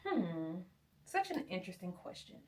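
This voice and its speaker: A woman's voice: lowish voice, very animated, moderate pace, darkish tone, recorded from a distance. A woman, hosting a vlog in a chatty, playful way and laughing often. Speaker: vlog host. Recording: roomy, from off the mic.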